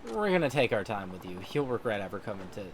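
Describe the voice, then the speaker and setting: A man voicing a bullying old samurai thug with a gruff, sneering way of talking. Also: on the low side, big pitch swings, fast talker, slight background noise, pitched below the performer's own voice. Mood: menacing.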